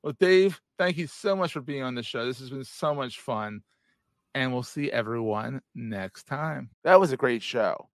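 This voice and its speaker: A man's voice: medium pitch, measured pace, no echo. A man in his forties hosting a podcast in casual interview chat, joking and laughing at his own quips. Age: 40s. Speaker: podcast host.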